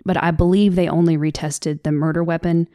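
Talking fairly quickly in a steady voice on the low side, this Southern American woman co-hosts a casual podcast, earnest and off the cuff with soft laughter. The studio-mic recording is studio quality with no room sound.

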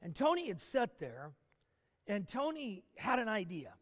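A man telling a story in a sermon, animated, with frequent restarts and fillers. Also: high voice, measured pace. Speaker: preacher. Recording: long hall reverb.

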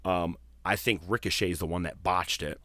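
Profane, animated man hosting a podcast. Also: low voice, moderate pace, no echo. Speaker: podcast host. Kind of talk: casual wrestling podcast chat.

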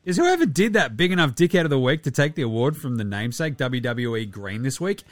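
A man's voice: mid-range voice, big pitch swings, fairly quick, no room sound. An Australian man hosting a basketball podcast, rambling through casual, slangy, profane banter. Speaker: podcast host.

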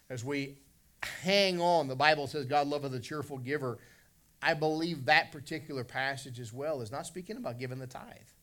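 Bright-voiced joking pastor preaching. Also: male voice, mid-range voice. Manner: folksy, joking preacher who acts out silly voices. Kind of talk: sermon.

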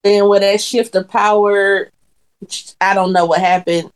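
A woman's voice: mid-range voice, little pitch movement, a little slow, smooth. A woman co-hosting a casual chat, musing and asking questions about a show. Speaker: podcast co-host.

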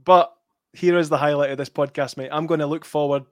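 A man's voice: a little high, fairly even intonation, fairly quick, dry recording, studio quality. A Scottish man co-hosting a football podcast, chatting casually and quizzing his friend with stats. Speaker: podcast co-host.

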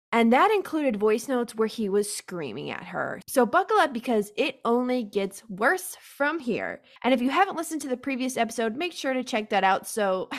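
A woman hosting a podcast, talking casually and reacting with animated disbelief to her guest. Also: fairly high pitch. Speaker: podcast host.

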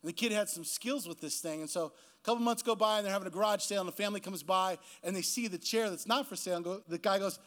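A male guest pastor preaching a sermon, telling a story in a casual way and building to a slow, emphatic close. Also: high-pitched, a bit bright.

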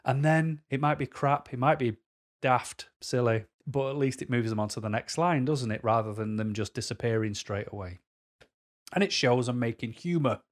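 A man's voice: mid-range voice, moderate pace. A man giving dating advice to camera in a casual vlog, jokey and self-deprecating.

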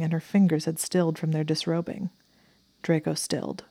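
A woman narrating romance fiction aloud in a soft, intimate, even storytelling manner. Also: low voice, a little fast, dry recording, studio quality. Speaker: audiobook narrator.

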